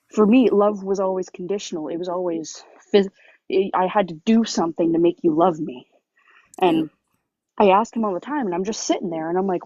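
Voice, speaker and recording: A woman's voice: medium pitch, a little fast, darkish tone, no echo, lo-fi sound. A woman sharing her personal struggles on a live panel, raw and confessional, often quoting what she told others. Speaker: panel guest.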